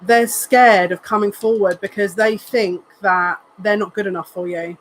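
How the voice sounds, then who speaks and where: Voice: mid-range voice, steady tone, moderate pace, a bit bright, slight background noise, rough recording. A psychic reader giving a live tarot card reading in an earnest, emotional way, repeating phrases and thinking aloud as they turn the cards. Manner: emotional, says they are near tears.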